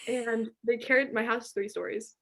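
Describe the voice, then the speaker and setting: A teenage girl chats as a guest on a podcast, telling her story in an animated, filler-heavy way. Her voice sits on the higher side. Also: normal speed, vocal fry. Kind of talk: casual chat.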